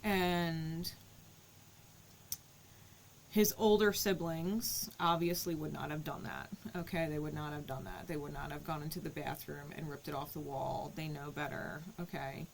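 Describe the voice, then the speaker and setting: A woman's voice: sits low, steady tone, unhurried, creaky, a little hiss or hum, poor audio. A woman giving a casual spiritual reading, telling a story in a conversational way and often checking in with "right?". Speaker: tarot reader.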